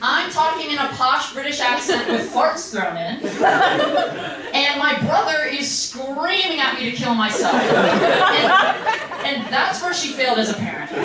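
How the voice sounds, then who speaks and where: Young female stand-up, lively high voice, roomy distant live recording with loud laughing crowd. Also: unhurried, heavy background noise. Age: young adult. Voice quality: animated, self-mocking delivery with sudden pitch jumps. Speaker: stand-up comedian. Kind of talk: stand-up comedy set. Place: comedy stage with live audience.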